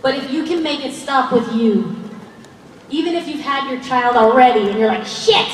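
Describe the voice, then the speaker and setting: An actress at a fan convention panel, speaking earnestly and passionately with frequent laughs. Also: female voice, high-pitched, normal speed, a little hiss or hum. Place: large convention hall. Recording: echoey hall, voice far off, faint crowd ambience.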